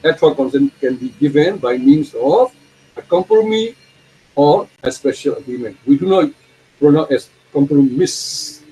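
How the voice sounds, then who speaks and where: A man lecturing a university law class, explaining terms slowly, repeating them and putting questions to the students. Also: on the high side, huge pitch swings, dark tone, breathy edge, low-quality recording.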